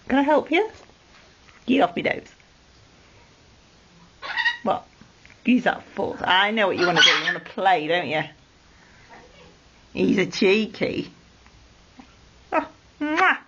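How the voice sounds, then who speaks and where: A woman's voice: sits high, a bit bright, a little hiss or hum. A woman doting on her pet parrots at home in playful, coaxing baby talk, heard through dull lo-fi home video sound. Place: living room at home with perched parrots.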